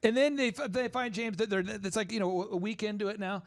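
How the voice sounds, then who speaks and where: A man hosting a casual podcast, rambling and animated as he acts out what people say. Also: high voice, brisk, no echo, clean studio sound. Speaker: podcast host promoting a dog training business.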